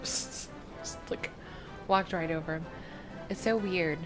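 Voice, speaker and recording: A woman's voice: lowish voice, slow. Giggly woman commenting on a game. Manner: giggly, playful. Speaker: let's play host. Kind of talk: casual gameplay commentary. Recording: game music under her voice.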